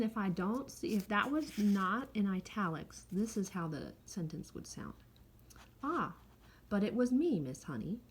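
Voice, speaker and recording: Lively woman reading aloud to kids. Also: medium pitch, husky. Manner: chatty, explains words, fillers like um and okay. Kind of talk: read-aloud lesson to children.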